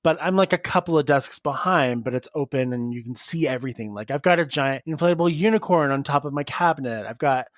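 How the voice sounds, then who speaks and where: A podcast host in casual chat, teasing and joking with bawdy humor and quick laughs. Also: medium pitch, no echo, clean studio sound.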